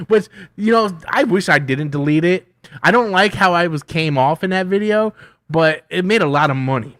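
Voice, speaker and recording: A man hosting a casual livestream, rambling loosely with lots of swearing and self-mockery, swinging between loud bursts and mumbled asides. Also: on the high side, dry recording. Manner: loose, profane, self-mocking, riffs and hums to himself. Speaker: YouTube host answering viewer questions.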